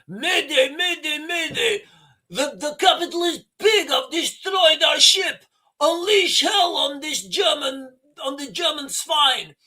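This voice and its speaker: A man voicing a panicked Russian ship captain who shouts in a mock-Russian accent as his ship sinks. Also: extremely high pitch, animated, takes it slowly, voice pushed up, heavily acted. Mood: panicked, furious.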